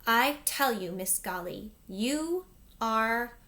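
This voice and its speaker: A woman's voice: normal speed, close to an everyday voice. Screaming hysterical rich mother, as a woman puts her on. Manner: shrill, screaming.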